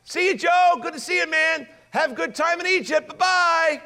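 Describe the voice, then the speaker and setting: A man's voice: very high voice, normal speed, sharp tone, in a large hall, pitched above the performer's own voice, full character voice. A man voicing cruel young brothers who mock their sibling as he is carried off. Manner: sarcastic, taunting farewells.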